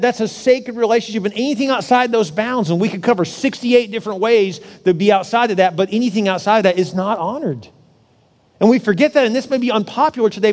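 High-voiced preacher man in a reverberant hall. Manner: animated preacher, acts out a partying king. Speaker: pastor. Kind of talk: sermon. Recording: long church hall reverb.

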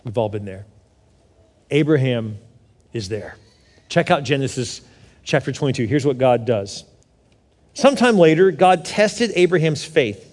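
A man preaching a sermon in a conversational way, rising to loud pleading and dropping to soft reassurance. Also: medium pitch, animated, measured pace, pauses often. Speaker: pastor. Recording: long reverb of a large hall.

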